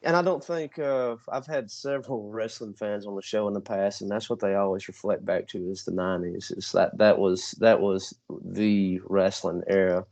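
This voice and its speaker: A man's voice: fairly low pitch, fairly even intonation, normal speed, hardly any pauses, a little mellow, dull audio. A man hosting a podcast, chatting in an easygoing way. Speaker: podcast host. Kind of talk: casual chat.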